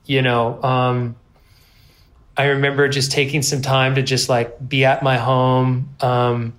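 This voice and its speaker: A man in his thirties, a guest on an interview podcast, telling a personal story in a rambling, self-deprecating way with lively quoted asides. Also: medium pitch, slow pace. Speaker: guest, pro snowboarder.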